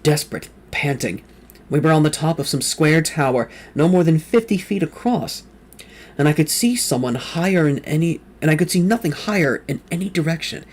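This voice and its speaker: A man's voice: fairly high pitch, slightly rough. Man giving a dramatic novel reading. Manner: reads with rising intensity, quoted lines shouted or whispered; occasional slips and self-corrections mid-sentence. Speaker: fan reader of a novel.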